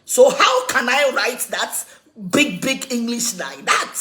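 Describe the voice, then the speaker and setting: A woman with a Ghanaian accent in an animated, mocking rant, laughing mid-sentence and switching between languages. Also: a little high, takes it slowly.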